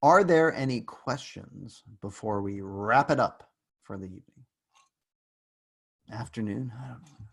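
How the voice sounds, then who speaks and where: A man's voice: on the low side, measured pace, gravelly, long pauses, husky. A male university lecturer giving an online class in a casual, joking way, rambling with fillers and asides.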